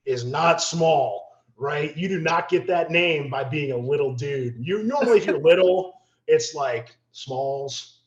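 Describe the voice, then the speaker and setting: Man, podcast guest, casual storytelling, profane, animated, roomy room, slightly muffled audio. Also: on the high side, measured pace, hardly any pauses. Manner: animated, profane, acts out quotes.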